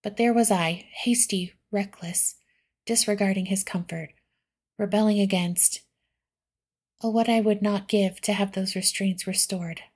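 A woman softly voicing an earnest, remorseful young gentleman in a whispered role-play reading. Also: mid-range voice, steady tone, a little slow. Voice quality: soft, breathy.

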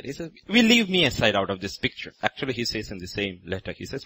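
A man pastor from India preaching a sermon in a church, with sudden loud rises on repeated phrases. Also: lowish voice, wildly swooping pitch, fast, few pauses, breathy edge, poor audio.

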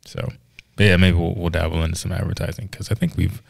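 A man's voice: little pitch movement, fast, no echo, clean studio sound. A man co-hosting a podcast in casual chat, joking and teasing his partner. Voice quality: gravelly, low. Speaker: podcast co-host.

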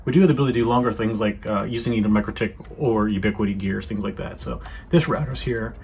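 A man's voice: lowish voice, fast talker, gravelly, slight background noise. A man hosting a ham radio channel, casually walking through his setup with lots of fillers and restarts. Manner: relaxed, many fillers and restarts. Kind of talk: casual walkthrough narration. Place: inside a trailer, walking around. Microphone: phone.

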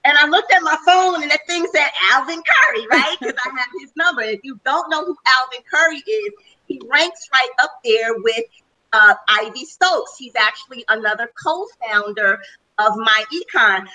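A woman's voice: high-pitched, moderate pace. A woman telling her own story as a panelist on a conference call, speaking emphatically and repeating herself for stress. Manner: emphatic, repetitive, animated storytelling. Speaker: panelist sharing testimony. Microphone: conference call line. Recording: distant from the mic.

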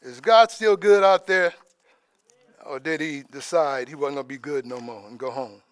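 A man giving an informal, conversational sermon as preacher, dropping in praise asides and trailing off softly. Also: on the high side, moderate pace, smooth, no echo. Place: church in Alaska.

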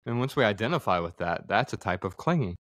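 Talking fast and in an animated way, a podcast guest with a fairly low, slightly bright voice reflects on ideas and explains them through examples, now and then restarting a word. There's no echo.

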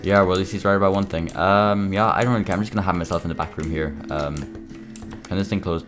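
A young man casually commenting while playing a game, mumbling and halting, with many fillers. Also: low-pitched, fairly even intonation. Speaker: gaming video creator. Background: game music.

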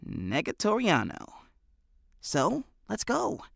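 A man voicing a quiet, understated teenage boy with dry humor in an audiobook. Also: high-pitched, wildly swooping pitch, slow pace, creaky, dry recording, pitched above the performer's own voice, exaggerated voice. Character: quiet, dry-witted teen boy hero.

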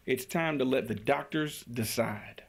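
A man's voice: mid-range voice, measured pace, creaky, husky. A man, a state representative, giving earnest testimony at a committee hearing, stumbling over and repeating words as he builds his case. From Kentucky. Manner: earnest, repeats words when starting phrases.

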